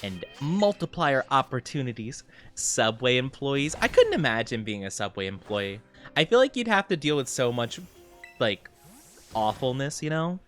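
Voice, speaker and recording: A young man streaming a game as a VTuber, chatting casually and rambling with lots of fillers and quick laughs. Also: medium pitch, very animated, a bit bright, soft background music. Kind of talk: casual chat while playing a game.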